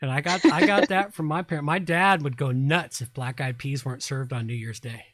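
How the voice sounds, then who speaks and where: A man's voice: on the high side, fairly even intonation, a little fast, fairly bright tone, dry recording. Tipsy man with a faint Southern drawl. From Southern United States. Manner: jovial, rambling, joking. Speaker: stream host. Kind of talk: casual chat.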